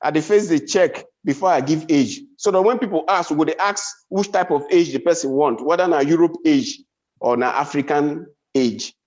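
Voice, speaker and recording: Nigerian Pidgin stand-up man, high voice, lively swoops, dull lo-fi event sound. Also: normal speed. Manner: animated storytelling, big pitch swings. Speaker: comedian. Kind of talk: stand-up comedy.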